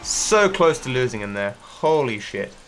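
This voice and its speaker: A male streamer from Australia talks in a middle-pitched voice with a blended accent that is hard to place. He rambles through casual livestream commentary, restarting sentences often and swearing freely. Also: sing-song, unhurried, a bit bright, faint music behind. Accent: mixed, not typically Australian.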